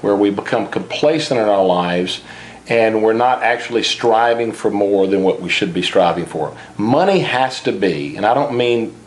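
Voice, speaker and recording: A man who wrote a finance book is interviewed about personal finance, speaking earnestly and sometimes repeating a word as he begins a thought. His voice is on the low side, animated, at a moderate pace.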